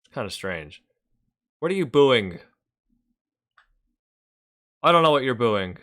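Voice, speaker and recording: A man's voice: mid-range voice, sing-song, takes it slowly, a bit bright. A man casually reacting to a clip, sarcastic and chatty, often laughing and swearing. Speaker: commentary video host.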